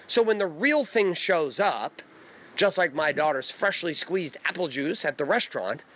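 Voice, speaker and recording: A man's voice: fairly high pitch, animated, moderate pace, fairly bright tone. Blunt, profane man talking outdoors. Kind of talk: casual monologue. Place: backyard outdoors.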